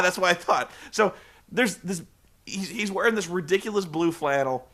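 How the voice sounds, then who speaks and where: A man with a fairly high, bright, forceful voice speaks at normal speed while hosting a comedic review of a wrestling show. He rants in a profane, stammering, exasperated way.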